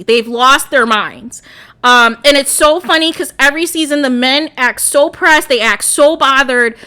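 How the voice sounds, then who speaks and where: A young woman giving casual, animated reaction commentary on a reality show, exclaiming and laughing as she talks. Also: high voice, clean tone.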